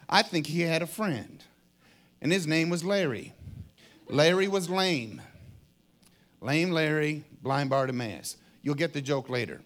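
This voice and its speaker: A middle-aged man with a slightly high voice preaches a sermon, telling a story dramatically and acting out the voices and shouts of its characters.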